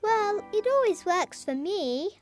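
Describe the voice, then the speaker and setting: A woman's voice: very high voice, sing-song, unhurried, loud music behind the voice, heavily acted. Miffy, a cheerful little bunny girl. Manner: bright, eager and helpful. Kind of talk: children's cartoon voice acting.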